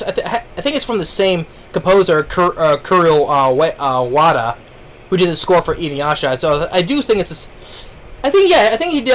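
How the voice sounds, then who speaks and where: A man's voice: on the high side, slight background noise. A man giving a casual spoken review of an anime, rambling along with lots of fillers and restarts. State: eating while talking.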